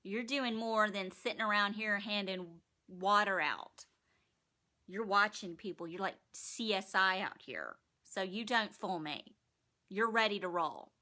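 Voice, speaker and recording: A woman putting on a calm, quietly suspicious man who talks low and confiding. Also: unhurried. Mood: knowing.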